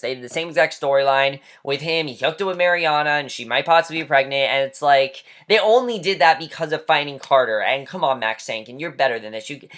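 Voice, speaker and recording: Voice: medium pitch, fairly bright tone. A vlogger in a casual rant about a TV episode, exasperated and mocking, swearing often and repeating "honestly".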